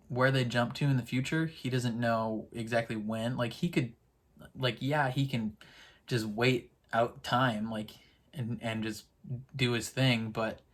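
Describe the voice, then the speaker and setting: A man casually recapping a TV episode in a rambling, chatty way, full of fillers. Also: medium pitch. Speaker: TV episode reactor.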